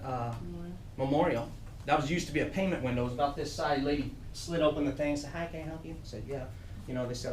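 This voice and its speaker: A middle-aged man speaks to a room of young trainees in a fairly high voice. He gives a motivational talk and tells animated stories from his own life. He is picked up from a distance, and the room echoes around him. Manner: storytelling, animated, laughing through funny parts. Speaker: program director speaking to youth trainees. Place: room with an audience.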